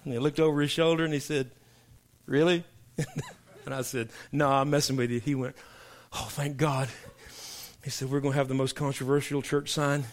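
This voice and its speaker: A middle-aged male pastor preaching a sermon to his congregation, emphatic and preacherly, dropping low for punchlines. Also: level tone, fairly quick. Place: church sanctuary.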